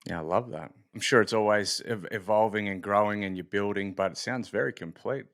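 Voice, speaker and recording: A low-voiced Australian man with a gravelly edge, hosting a laid-back interview. He asks his questions in an easygoing, friendly way. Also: brisk. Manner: relaxed, easygoing questioner, laughs readily. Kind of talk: casual interview chat.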